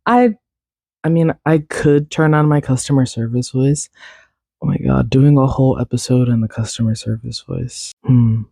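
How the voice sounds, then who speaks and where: Raspy, congested young woman host. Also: very deep voice, normal speed, dark tone, dry recording, studio quality. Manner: rambling, filler-heavy, self-deprecating. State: congested, recovering from a cold. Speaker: podcast host. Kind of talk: casual solo chat.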